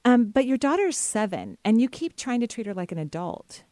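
A woman's voice: a little high, big pitch swings, brisk, dry recording, clean studio sound. A woman hosting an advice show, talking casually to callers and laughing often. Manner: warm, chatty, laughs often. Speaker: intuitive advice show host.

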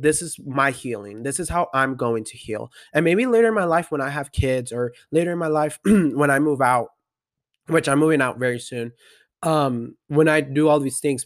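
A man's voice: mid-range voice, dry recording. Young male host, late teens, confessional monologue, frank and filler-heavy, dry close sound. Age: young adult. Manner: candid, repetitive fillers, blunt. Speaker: podcast host.

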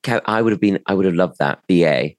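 A chatty man with a fairly low voice that swings up and down a lot as he tells stories. He co-hosts a relaxed podcast chat. The sound is close and dry. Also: fast talker, no echo. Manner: chatty, animated storytelling with quoted voices. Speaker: podcast co-host, comedian. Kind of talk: casual chat.

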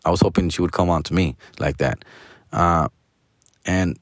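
A man's voice: low voice, moderate pace, dry recording, studio quality. A man in his forties with a Chicano Los Angeles accent tells a story in a casual, profane monologue. He mixes in Spanish, rambles, restarts his sentences and keeps calling the listener "fool" and "dog". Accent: Chicano English from Los Angeles.

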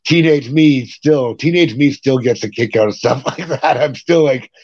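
A middle-aged man, a punk rock singer, talks with a podcast host in an animated, casual way, cussing and chuckling as he tells tales. His voice sits at an ordinary pitch for a man. The recording is dry and dull, with a muffled lo-fi tone. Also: moderate pace, slightly rough, dry recording. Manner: animated, swears, laughs between stories. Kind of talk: casual interview storytelling.

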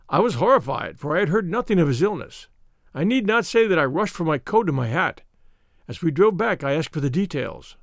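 A man narrating a classic detective tale in a measured, expressive reading. His voice sits a little higher than most men's and moves up and down freely through the sentences. The recording is dry and close, with no room echo. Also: creaky. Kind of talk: scripted audiobook narration.

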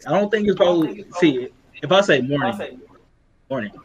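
A man's voice: high-pitched, expressive, brisk, highs cut off, crowd noise. Earnest Midwestern man arguing his point. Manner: earnest, argumentative, laughs easily. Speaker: podcast co-host. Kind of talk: casual chat.

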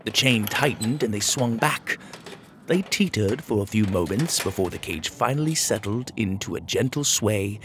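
A man reading a storybook aloud as narrator, in an expressive, animated way. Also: on the low side, normal speed, noisy background.

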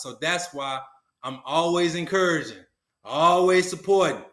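A man's voice: fairly high pitch, expressive, measured pace, pushed and bright. A man, a podcast guest, telling a personal story in an earnest, colloquial and emphatic way. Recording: roomy echo.

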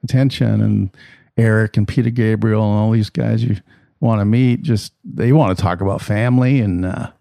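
A man with a mellow, dark voice telling easygoing stories about his life in music. He talks casually and with animation, in a dry room with little reverb. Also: on the low side, gravelly. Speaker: musician guest. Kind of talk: conversational storytelling.

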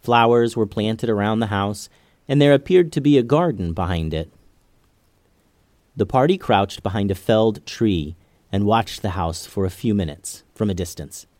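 A man hosting a children's podcast, narrating a story in a gentle, expressive way. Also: fairly low pitch, moderate pace, dry recording, studio quality.

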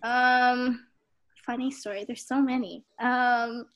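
A woman's voice: a little high, steady tone, takes it slowly. A young woman telling stories as a podcast guest, chatty and giggly, full of "like". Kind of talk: casual storytelling.

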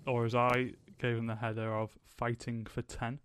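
A man's voice: medium pitch, completely flat delivery, moderate pace, a bit bright, smooth, dry recording. A young man hosting a podcast, chatting casually and rambling with lots of fillers. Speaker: podcast host. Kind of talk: casual chat.

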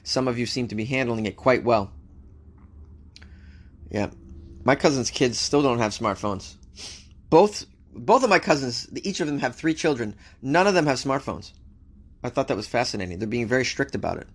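An American man hosts a news show in a mid-range voice with lively intonation, moving at a moderate pace and pausing often. He reads items aloud and talks back to them, dropping wry jokes in a casual commentary style.

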